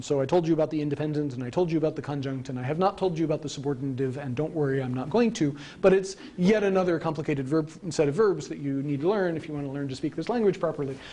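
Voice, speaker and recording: A man's voice: fast, warm tone. A man giving a conversational public lecture from slides, with frequent ums and casual asides. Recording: archival local-TV lecture tape, faint rumble.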